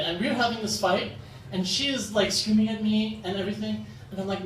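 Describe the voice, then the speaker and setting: A young man performing an open-mic stand-up set, telling self-deprecating stories in an animated way. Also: high-pitched, fast. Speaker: stand-up comedian. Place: open-mic comedy venue. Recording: roomy, distant, noisy live-venue recording. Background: audience laughter.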